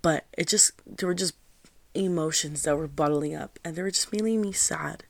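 A young woman hosting her own show, telling a personal story in a candid, confiding way, with a steady stream of "like". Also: low-pitched, normal speed, creaky, dry recording. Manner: candid and confiding, heavy use of "like". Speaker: podcast host.

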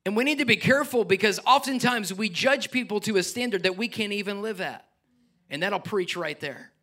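A middle-aged man preaching a sermon as pastor, animated, climbing to near-shouts and then dropping to soft, quiet asides. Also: high voice, fairly quick.

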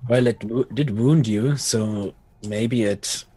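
A man with a husky, slightly raspy voice plays a tabletop game. He speaks hesitantly and often breaks off to restart his words. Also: medium pitch, slow, warm tone, low-quality recording. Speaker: player.

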